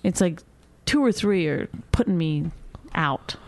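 A middle-aged woman co-hosting a podcast, chatting and teasing in a halting, casual way with many restarts. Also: lowish voice, lively intonation. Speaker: podcast co-host. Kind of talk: casual banter.

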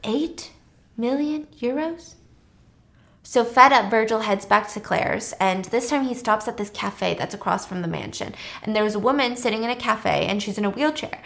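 A woman's voice: medium pitch, fairly quick, creaky, hardly any pauses, fairly bright tone. A woman casually retelling a film's plot with chatty, slangy asides and laughs. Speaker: storyteller host.

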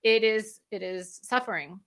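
A woman's voice: mid-range voice, moderate pace, fairly bright tone, smooth. A woman guest speaking as a functional medicine practitioner, explaining in a conversational way and laughing often. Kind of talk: conversational interview.

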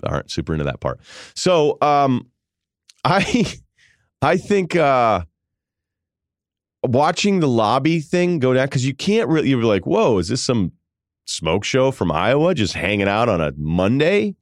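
Low-voiced man rambling with amused laughs. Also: no room sound, clean studio sound. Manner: rambling, self-amused storytelling with frequent laughs. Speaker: podcast host. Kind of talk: casual comedic monologue.

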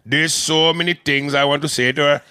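A man's voice: a little high, fairly even intonation, brisk, sharp tone, clean tone, no room sound. A man co-hosting a casual movie chat, rambling and crude, joking and laughing often. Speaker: podcast co-host.

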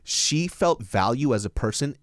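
A young adult man co-hosting a podcast, telling a story in a casual, profane way and jumping high in pitch when quoting people. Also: moderate pace, no room sound, clean studio sound. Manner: animated, profane, jumps high into mimicked quotes. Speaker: podcast co-host and stand-up comic.

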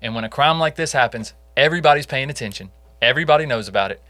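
A man's voice: medium pitch, lively intonation, very fast, pushed and bright, no echo. A man co-hosting a casual true crime podcast, telling the case in a conversational way with jokey asides. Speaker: podcast co-host.

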